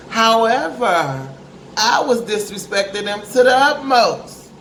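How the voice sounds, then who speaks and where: Speaking to camera in an echoey room with faint noise, a middle-aged woman gives candid, motivational parenting advice. Her medium-pitched voice is expressive, a bit bright and at normal speed, and she's emphatic and preachy, calling her listeners honey.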